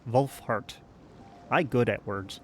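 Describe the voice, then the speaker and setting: A man's voice: medium pitch, takes it slowly, soft background music. A man streaming a video game, talking casually in a rambling, self-deprecating way. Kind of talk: casual gameplay commentary.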